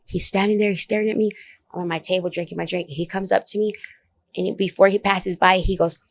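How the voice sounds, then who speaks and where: A woman comedian telling a story in a casual interview, blunt and profane, animated as she talks. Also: mid-range voice, fairly quick. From Oak Cliff, Dallas area, Texas. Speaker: comedian guest.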